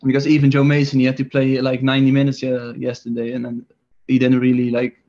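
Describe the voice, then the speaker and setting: This young Dutch man in his twenties, a soccer player guest, talks fast in a completely flat, medium-pitched voice that's a little mellow. He stumbles through interview answers with lots of fillers and restarts, captured on lo-fi audio.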